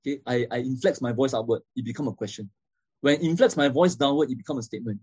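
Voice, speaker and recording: A man's voice: medium pitch, fast, a little mellow, breathy edge, no room sound. A man giving a classroom lecture, explaining step by step and often checking in with "okay?" and "right?".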